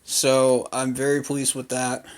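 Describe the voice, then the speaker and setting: A man's voice: mid-range voice, monotone, slow pace, clear, resonant tone. A man giving an unscripted recap of a training day, talking loosely with lots of fillers and firm opinions. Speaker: fan commentator. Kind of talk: casual recap vlog.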